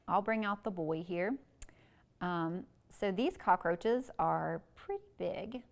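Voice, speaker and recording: A woman's voice: fairly low pitch, animated, slow pace, vocal fry, a little hiss or hum. A young woman, a museum educator, reading a picture book aloud to children with sing-song animal sounds, then talking about insects. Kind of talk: children's story time reading and talk.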